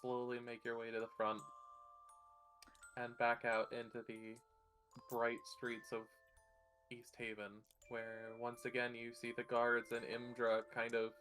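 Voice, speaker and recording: A man's voice: mid-range voice, a bit bright. A man narrating a tabletop game as game master, in an easygoing, descriptive way.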